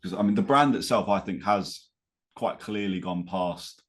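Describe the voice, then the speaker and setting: A male host interviewing a guest, relaxed and a little hesitant, often restarting his sentences. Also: sits low, normal speed. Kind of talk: casual interview chat.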